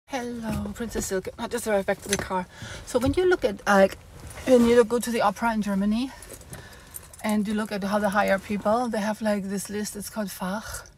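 A woman's voice: medium pitch, fairly even intonation, brisk, darkish tone, slight background noise. A woman opera singer in a casual vlog, explaining things from her car in a chatty way with many fillers, slightly out of breath.

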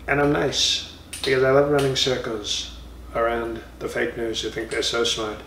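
A blustering former president rambles and boasts, handing out mocking nicknames, as a man puts him on. The voice sits at a middle pitch and sounds a little distant from the mic, in a roomy space with faint ambience behind. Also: fairly even intonation, normal speed, a bit bright, a little hiss or hum, close to an everyday voice. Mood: boastful. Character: comic impression of a blustering former male president. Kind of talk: comedy impression monologue.

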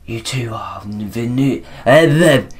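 A man voicing a ghost in a breathy, whispery voice, halting as he reads. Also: medium pitch, expressive. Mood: eerie. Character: eerie ghost of a captive spirit, grave.

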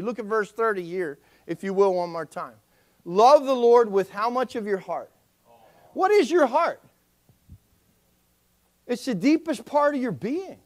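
A male pastor preaching a sermon in an emphatic style and calling on the congregation to respond. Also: extremely high pitch.

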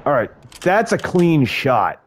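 A man giving live gameplay commentary, muttering and swearing to himself, with loud frustrated outbursts. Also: a little high, very animated, slow pace. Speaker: gaming video host.

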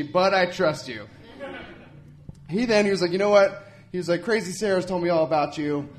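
A young man with a high-pitched voice tells a stand-up story at a live podcast show. He talks in an animated way, shouting and whispering as he acts out the people in it. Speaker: stand-up comedian. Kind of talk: stand-up comedy set. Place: live podcast event before an audience.

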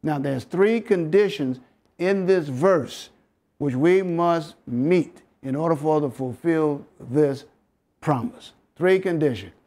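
Southern US male lecturer, slightly high voice, preachy, quizzes the audience. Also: slow, dark tone. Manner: preachy, coaxing the audience with questions and chuckles. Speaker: health lecturer. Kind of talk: interactive Bible health lesson.

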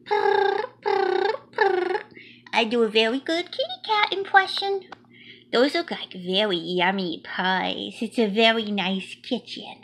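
A woman's voice: medium pitch, animated, unhurried, fairly bright tone, slight background noise. A woman voicing a cute, chatty little male mouse who reads a picture book aloud in a childlike, playful way with broken grammar. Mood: cheerful. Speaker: storybook reader.

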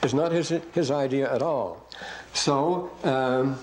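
A man's voice: mid-range voice, slow, background noise. An older man giving a classroom lecture, reading verses aloud and breaking in with rambling comments to his students.

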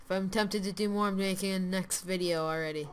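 A woman hosting a casual gameplay video, talking half to herself as she places blocks and repeating little phrases over and over. Her voice sits at a middle pitch. Soft keyboard typing stays faintly audible under her voice. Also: steady tone, fairly quick, a little hiss or hum. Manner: mutters quietly while building, then loud and upbeat when signing off; repeats words and restarts phrases. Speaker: gaming channel host.

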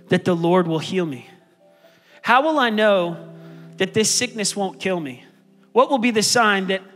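A man preaching a sermon as pastor, building to loud, passionate calls and asking the congregation to respond. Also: high-pitched, big-room sound.

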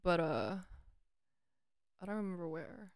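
A woman's voice: on the low side, animated, a little slow, dry recording, clean studio sound. A woman talking casually to herself and viewers while playing chess online, chatty and playfully cursing. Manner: breaks into sung lines. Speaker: chess streamer.

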